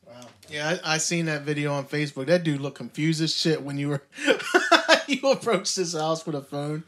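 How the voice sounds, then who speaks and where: A man co-hosting a casual podcast about making music, animated and stammering, often acting out what he said. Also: a little high, moderate pace. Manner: stammering restarts, animated, quotes himself. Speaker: podcast co-host, music producer. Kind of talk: casual chat. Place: recording studio.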